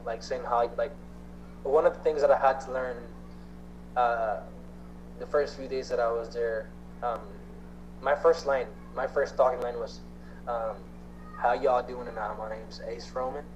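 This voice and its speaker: A man's voice: mid-range voice, fairly even intonation, measured pace, long pauses, a little hiss or hum. Earnest young Filipino man, lo-fi. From Philippines. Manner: mixes English and Tagalog, earnest, hesitant fillers. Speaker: guest actor. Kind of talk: casual interview chat.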